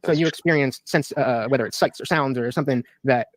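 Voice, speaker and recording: A man's voice: medium pitch, no room sound, clean studio sound. Hesitant man reviewing a debate on stream. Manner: halting, many fillers and restarts. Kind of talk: casual live-stream commentary.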